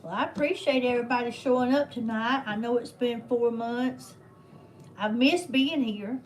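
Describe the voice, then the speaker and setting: High-voiced older woman chatting. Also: normal speed, a little hiss or hum, low-quality recording. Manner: rambling, heartfelt, with folksy religious phrasing. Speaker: livestream host. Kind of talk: casual livestream chat.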